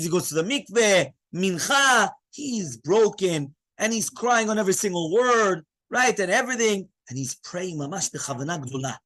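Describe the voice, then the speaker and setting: A man, a rabbi, giving a lively Torah class in English mixed with Hebrew terms. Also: high-pitched. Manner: animated teaching, mixing English with Hebrew terms.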